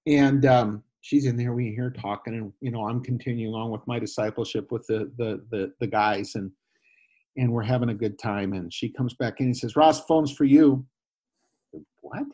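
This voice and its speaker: A man, a former missionary, telling a personal story in a guest interview, animated and full of restarts and quoted voices. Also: medium pitch, normal speed. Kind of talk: conversational storytelling.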